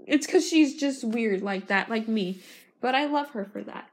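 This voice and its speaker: A woman with a high voice co-hosting a casual home video. She teases her sister and bossily keeps telling her to slow down. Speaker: co-host of a home video channel. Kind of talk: casual chat.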